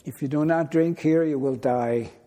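A man's voice: on the high side, moderate pace, mellow, in a large hall, close to an everyday voice. A man voicing a great solemn male lion in a retold storybook scene, speaking matter-of-factly. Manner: matter-of-fact.

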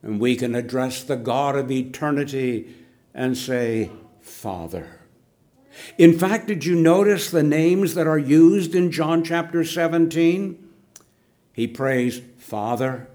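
An older man preaching a sermon, swinging from loud emphasis down to hushed, near-whispered words. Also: medium pitch, slow pace.

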